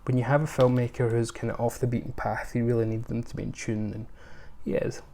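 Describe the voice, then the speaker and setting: A man talks through his latest film purchases in a loose, rambling way, full of ums and self-corrections. His voice has a gravelly, creaky edge at a mid-range pitch. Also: little pitch movement, a little fast, dark tone. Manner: rambling, with many ums and restarts. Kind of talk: casual unscripted haul review.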